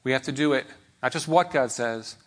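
A man's voice: medium pitch, a little fast. A man preaching a sermon in a conversational way, often checking in with his listeners.

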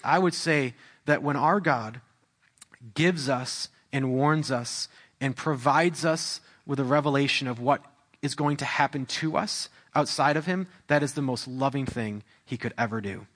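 A young adult pastor with a mid-range, fairly bright voice preaches a sermon in a church hall into a handheld or stand microphone. He talks conversationally, restarting sentences, and builds toward raised intensity.

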